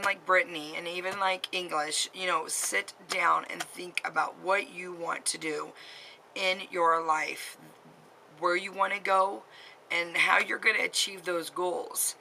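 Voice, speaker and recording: A woman's voice: lowish voice, vocal fry, bright, forceful tone, a little hiss or hum, low-quality recording. A woman in her late thirties giving heartfelt, rambling advice straight to camera, full of fillers and repeats. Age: 30s. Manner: earnest, rambling, full of "you know" and "um". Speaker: vlogger giving advice to teen girls.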